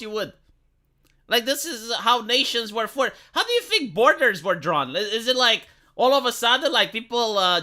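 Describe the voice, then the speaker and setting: A very bright, sharp voice that swings widely in pitch. This live streamer rants in a profane, rambling way and often breaks into laughter at their own points. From lives in Romania. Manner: profane, heated, rambling rant. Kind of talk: ranting live-stream commentary.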